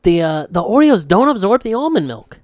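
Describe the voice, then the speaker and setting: A man's voice: high voice, big pitch swings, brisk, a little mellow, dry recording, studio quality. A young man co-hosting a podcast, telling rambling stories in casual chat, swearing freely and laughing often. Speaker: podcast co-host.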